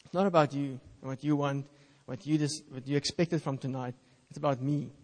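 A man's voice: medium pitch, fairly even intonation, brisk, a little mellow, in a large hall. A man, an Afrikaans speaker, preaching a sermon in an earnest, conversational way and reading scripture aloud.

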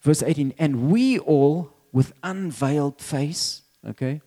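A man's voice: on the high side, slow pace, mellow. A middle-aged man preaching a sermon as pastor, talking conversationally, repeating words and chuckling now and then.

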